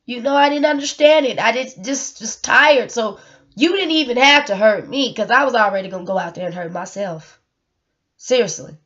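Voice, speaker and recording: Woman, AAVE speaker, vlog monologue; earnest and emotional, full of repeats and rhetorical questions, slightly high voice, lo-fi recording. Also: normal speed, a bit bright. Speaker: single mother sharing her story.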